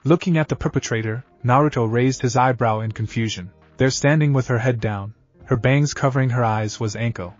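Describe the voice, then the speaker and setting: A man narrating a scripted fan-fiction story in an even, read-aloud manner. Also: medium pitch, a little fast, lo-fi sound, faint music behind.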